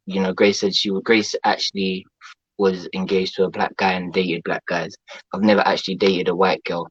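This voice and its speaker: Chatty man, low voice. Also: slightly rough, no room sound, highs cut off. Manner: chatty, hesitant with many fillers. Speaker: guest. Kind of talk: casual chat.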